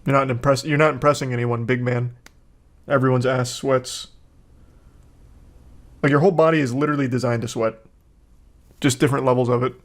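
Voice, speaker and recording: A man giving casual online commentary in a deadpan, flat way, blunt and crude. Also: medium pitch, fairly quick, pauses often. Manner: deadpan, flat-affect delivery.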